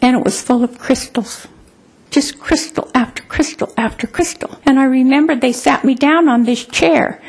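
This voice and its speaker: A woman telling her own life story to listeners, expressive and repeating words for emphasis. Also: sits high, moderate pace, breathy edge. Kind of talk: personal storytelling talk.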